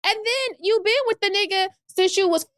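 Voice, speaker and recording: A woman co-hosting a podcast who gives advice in casual chat, blunt, profane and animated. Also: very high-pitched, normal speed, no room sound, clean studio sound. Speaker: podcast co-host.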